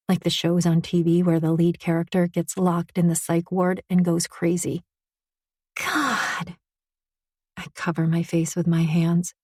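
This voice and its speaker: A woman's voice: fairly low pitch, mellow, husky, no echo, clean studio sound. A woman narrating a first-person romance audiobook in an intimate, confessional reading.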